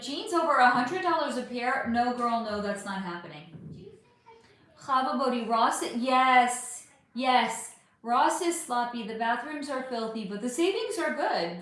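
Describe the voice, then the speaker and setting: Woman, young adult, livestream host, casual, high voice, lively pitch, echoey room. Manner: chatty, laughing, swearing freely. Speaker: livestream host reading chat. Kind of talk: casual live chat.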